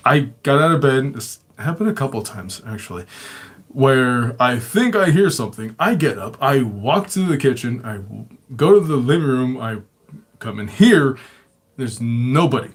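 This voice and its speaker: A man's voice: medium pitch, expressive, moderate pace, slightly rough. Man host with a mid-range voice, loose and profane, laughs through his own stories. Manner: profane, swears constantly, chuckles often. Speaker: show host. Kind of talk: casual storytelling.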